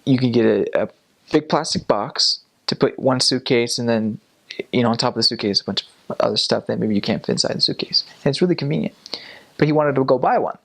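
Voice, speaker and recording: A man's voice: mid-range voice, creaky. Laughing young man telling a story. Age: young adult. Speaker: missionary. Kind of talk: casual anecdote telling.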